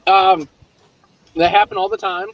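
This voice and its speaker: A young man chatting casually on a livestream call, telling stories in an animated way and laughing often. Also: sits high, a little slow, creaky, no echo, dull audio. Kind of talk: casual chat.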